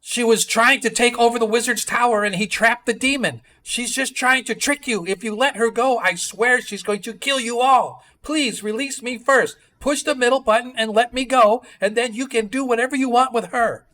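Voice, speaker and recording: A man's voice: very high-pitched, fairly even intonation, normal speed, hardly any pauses, sharp tone. Man playing an accusing caged blonde woman. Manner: insistent, accusing.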